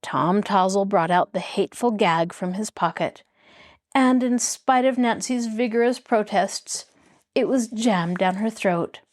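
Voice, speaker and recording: A woman host reading a mystery novel aloud as a measured, expressive storybook narration. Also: medium pitch. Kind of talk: scripted narration.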